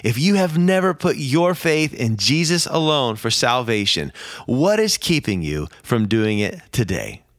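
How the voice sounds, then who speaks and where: A man's voice: medium pitch, big pitch swings, measured pace, dry recording. Earnest man preaching, dry sound. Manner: earnest, pleading. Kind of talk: sermon.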